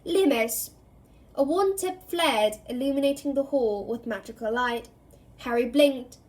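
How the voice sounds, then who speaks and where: A woman reading a novel aloud in an expressive storytelling way, giving each character a voice. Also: high voice, normal speed. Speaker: reader.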